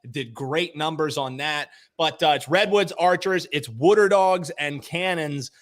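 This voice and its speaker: Brief: male guest, blunt sports talk, fairly high-pitched. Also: unhurried, fairly bright tone. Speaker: guest analyst. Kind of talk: casual sports podcast chat.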